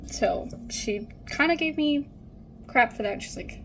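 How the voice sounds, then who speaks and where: A woman's voice: high voice, animated, a little slow, a bit bright, slight background noise, rough recording. A young woman telling a casual, rambling story at home while she gets ready, full of "like" and "um". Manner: chatty, rambling, frequent "like" and "um". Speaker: vlogger.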